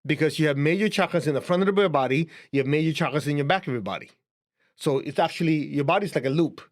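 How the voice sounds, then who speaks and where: A man's voice: fairly high pitch, fast. Chinese-accented man teaching spirituality. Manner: conversational, chuckling, shows a book to camera. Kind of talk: casual teaching talk to camera.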